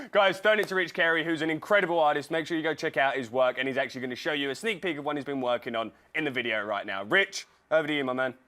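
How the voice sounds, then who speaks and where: A man co-hosting a casual fan show, talking in an excitable, rambling way. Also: on the high side, very fast, few pauses. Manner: excitable, rambling, laughs often. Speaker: co-host.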